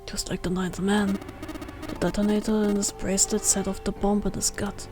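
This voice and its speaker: A woman's voice: flat delivery, normal speed, over music, lightly acted. Grim strained man, read by a woman. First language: German. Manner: low, strained.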